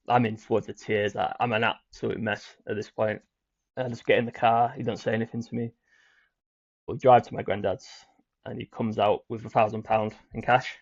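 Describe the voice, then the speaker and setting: Gravelly young British man, halting. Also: lowish voice, a little mellow, no echo. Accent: British English. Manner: halting, repeats words, frequent fillers. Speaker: guest. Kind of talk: personal recovery story. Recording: dry, muffled audio.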